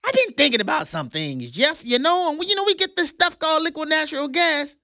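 A man's voice: very high voice, big pitch swings, brisk, sharp tone, no echo, clean studio sound, voice pushed up, exaggerated voice. A man voicing a chatty foreign woman official who muses aloud in a mock-casual, sing-song way. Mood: mock musing.

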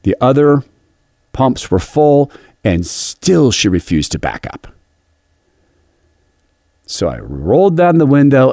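A man's voice: mid-range voice, big pitch swings, a little slow, pauses often, warm tone, no room sound, studio quality. A middle-aged man hosting a devotional radio talk, telling a personal story in an earnest, confessional way. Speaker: radio host.

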